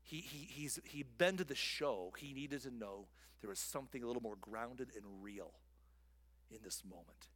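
A male pastor preaching a sermon, swinging from loud emphatic lines down to soft whispers. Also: medium pitch, normal speed. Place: church sanctuary.

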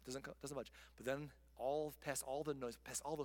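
A male pastor preaching a sermon, swinging from loud emphatic lines down to soft whispers. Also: mid-range voice, steady tone, brisk. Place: church sanctuary.

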